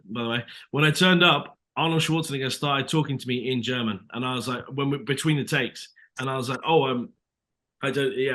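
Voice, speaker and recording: A British actor chatting as an interview guest, telling stories animatedly with lots of fillers and acted-out dialogue. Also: male voice, mid-range voice. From Britain. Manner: animated storyteller, acts out dialogue, many fillers. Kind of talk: casual interview chat.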